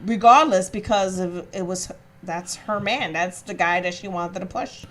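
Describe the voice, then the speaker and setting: A woman's voice: mid-range voice, moderate pace. A woman co-hosting a casual wrestling podcast, offering her own take as a fan. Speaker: podcast co-host.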